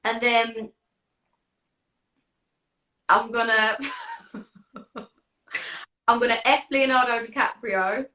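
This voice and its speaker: A woman's voice: a little high, steady tone, drawn-out words, long pauses, pushed and bright, far from the mic. Giggly British woman in an echoey room. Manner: giggly, hesitant. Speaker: guest. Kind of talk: casual live stream chat.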